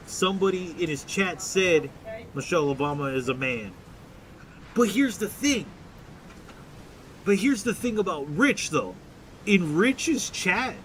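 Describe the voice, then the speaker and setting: Young male streamer, high voice, profane rambling rant, faint rumble behind. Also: a bit bright. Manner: profane, rambling, restarts and mocking quotes. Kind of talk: casual ranting commentary.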